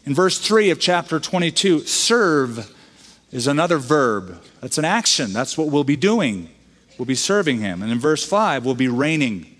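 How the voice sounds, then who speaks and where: A man's voice: fairly high pitch, a bit bright, long reverb tail. A man who is a pastor, preaching a sermon in a conversational way, bringing in humorous quoted voices.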